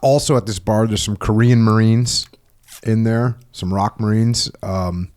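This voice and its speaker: Podcast host, low-pitched man, reads excerpts with animated quotes. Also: measured pace. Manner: reads quoted dialogue with lifted voice, chuckles often. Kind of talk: podcast interview, reading book passages aloud.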